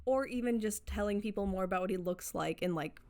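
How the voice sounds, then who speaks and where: Woman, casual commentary narration, chatty, digressive, playfully sarcastic, mid pitch. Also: fairly quick, a little mellow. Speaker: commentary YouTuber. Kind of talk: casual commentary video essay.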